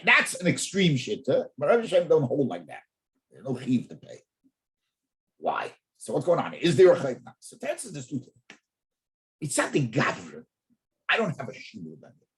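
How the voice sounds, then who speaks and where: Rabbi giving a Talmud class, pitch leaps around a lot, stammers words while thinking. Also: male voice. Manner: animated, repeats words while thinking, poses rhetorical questions. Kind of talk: in-depth Torah class.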